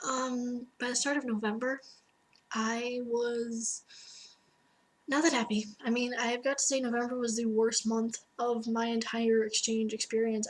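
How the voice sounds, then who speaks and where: A woman's voice: fairly high pitch, rough recording. A young woman in her late teens, an exchange student, ranting to her webcam in casual talk, full of "like" and acted-out quotes. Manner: animated storytelling, frequent "like" and acted-out quotes. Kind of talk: casual ranting monologue to camera.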